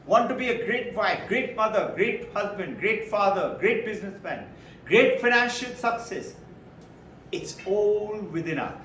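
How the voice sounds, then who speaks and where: A high-voiced man gives a spiritual talk. He tells his stories with lively delivery and acts out each voice. The mic sits well back from him in a roomy hall. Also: a little slow, far from the mic, slight background noise. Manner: animated storyteller who acts out quoted dialogue. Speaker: spiritual teacher. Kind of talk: spiritual talk to a live audience.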